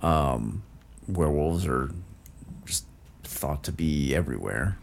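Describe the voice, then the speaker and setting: Man, podcast co-host, casual chat, very deep, husky, lively pitch, halting with fillers, dry humor.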